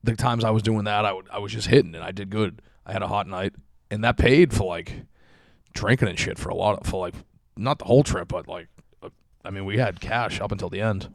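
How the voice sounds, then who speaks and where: A young man talks fast and loose, piling on fillers and swearing as he tells a story. His voice sits on the low side and the sound is dry and close, with no room echo. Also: gravelly. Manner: rambling, profane, lots of fillers. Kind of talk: casual chat.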